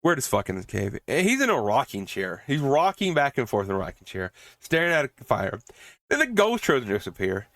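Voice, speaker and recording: Animated man recapping a movie, laughing. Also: medium pitch, brisk, no room sound, clean studio sound. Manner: animated, laughing often, swearing, acting out lines from scenes. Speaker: podcast host reviewing a movie.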